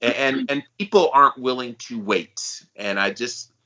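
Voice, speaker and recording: A man's voice: mid-range voice, normal speed, pushed and bright, muffled recording. Enthusiastic male podcast co-host. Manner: enthusiastic hype-man delivery. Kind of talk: casual podcast chat.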